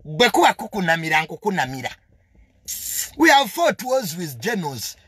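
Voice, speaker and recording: A man's voice: high voice, sing-song, moderate pace, fairly bright tone, slightly rough, no room sound. A young man with a Ugandan accent delivering a heated, confrontational monologue full of emphatic repetitions. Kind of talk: heated monologue mixing English and Luganda.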